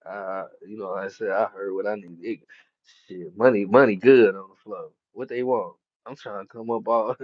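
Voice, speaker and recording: A man's voice: lowish voice, steady tone, normal speed, a little mellow, no echo, muffled recording. A man chatting casually about boxing, heavy on street slang and profanity, laughing often. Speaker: boxing commentator. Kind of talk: casual chat.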